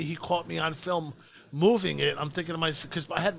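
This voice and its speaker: A middle-aged New Jersey man spins a profane story, jumping into the voices of everyone in it. His voice sits high and sounds bright and gravelly, with a tense edge. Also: fairly quick. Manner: animated, acts out the voices in his stories, frequent swearing. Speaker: podcast guest, storyteller.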